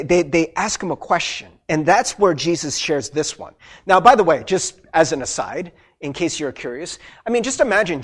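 A man as a pastor preaching a sermon, talking in an animated, conversational way with many asides. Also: high-pitched.

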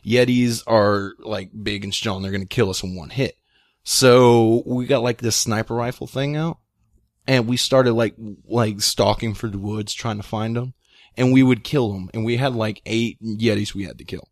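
A man's voice: medium pitch, normal speed, no room sound, clean studio sound. Young man rambling through a story. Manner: rambling, excitable storytelling with lots of fillers. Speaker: guest storyteller. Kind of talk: casual chat.

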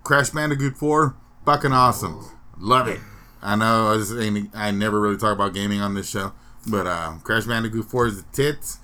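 A man's voice: lowish voice, fairly quick, sharp tone. A man hosting a podcast, talking in a crude, offhand, swearing way. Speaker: podcast host. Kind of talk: casual chat.

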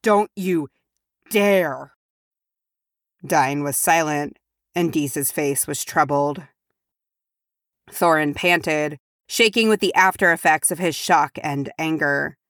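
A woman reading a fan audiobook chapter in a measured, even narration close to the mic. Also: low voice, dry recording.

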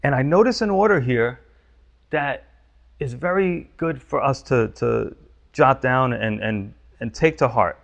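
A man's voice: medium pitch, unhurried, gravelly. A man preaching a conversational sermon as pastor, often asking the listeners questions. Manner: conversational, frequent "you know" and "right?".

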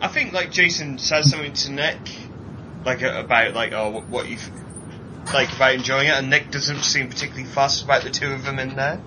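A man co-hosting a casual chat show, ranting animatedly and mocking people in put-on high voices. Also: a little fast, noisy background. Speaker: podcast co-host.

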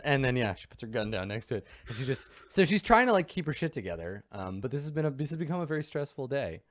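A man's voice: mid-range voice, sing-song, fast, no room sound. A man running a tabletop game as game master, narrating loosely with plenty of fillers. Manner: loose, rambling, full of fillers and laughs.

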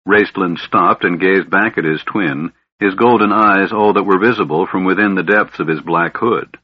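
Deep, husky man narrating an audiobook. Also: normal speed, dry recording. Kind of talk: scripted narration. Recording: dull lo-fi audiobook recording.

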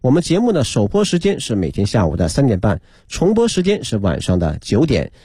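A male radio host rattling off a program announcement in a brisk, lively broadcast delivery. His tone is mellow and a touch husky. The sound is close and dry. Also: mid-range voice, no echo.

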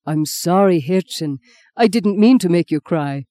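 A woman plays a tender German man in a storybook, murmuring low and soft. His voice is mellow and warm with a German accent, set in a dry, close recording. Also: lively intonation, unhurried, no echo.

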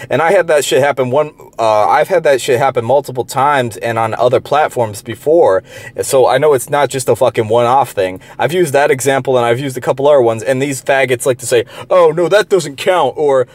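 A man ranting in a profane monologue, heated and derisive, rambling with many restarts and filler words. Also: mid-range voice. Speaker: online commentator.

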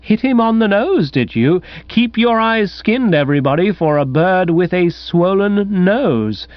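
A man putting on a suspicious older gentleman who barks accusing orders in a raised voice. The sound is close and dry, slightly dull. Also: sits high, expressive, unhurried, no room sound, voice pushed up.

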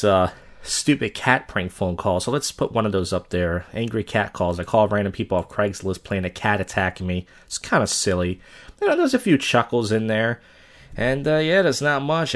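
Rambling, profane male podcast host. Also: on the low side. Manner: rambling, profane, bitter and venting. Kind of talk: casual solo podcast rant.

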